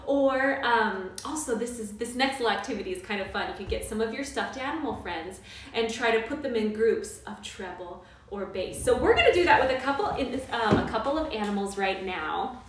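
A cheerful woman leads a little ones' music class, her higher voice swooping up and down as she coaxes the children to answer. She sounds a step back from the mic, and a strong echo rings around the room. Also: lively intonation, a little fast. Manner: bright, sing-song, coaxing tone for small children. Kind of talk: live online kids' music class. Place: indoors at home during quarantine. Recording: very echoey room, mic at a distance.

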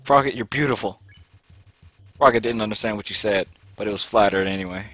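A young man playing a video game, reading its text aloud and reacting with excitable yelps and panicked shouts. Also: fairly low pitch, brisk, dry recording, faint music behind. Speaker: let's play gamer.

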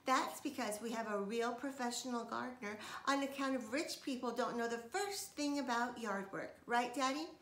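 Woman doing a spoiled rich little girl, bragging, high and loud, storybook, echoey room. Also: normal speed, few pauses, close to an everyday voice. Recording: echoey room, faint noise.

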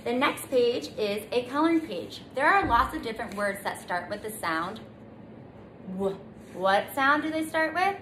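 A woman teaching a children's circle time lesson in a gentle, sing-song way, stretching out letter sounds for little ones to repeat. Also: fairly high pitch, lively intonation, moderate pace. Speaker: preschool teacher. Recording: echoey room, faint noise.

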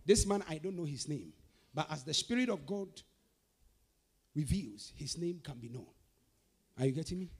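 A man preaching a sermon, moving between fervent, rhythmic chanted declarations and calmer teaching. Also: a little high, normal speed, pauses often, husky.

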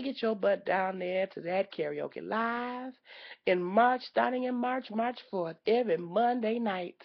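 A woman giving a sassy, loudly exasperated comedic rant as a vlogger. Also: medium pitch, measured pace, gravelly, highs cut off. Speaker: vlogger reviewing a karaoke night.

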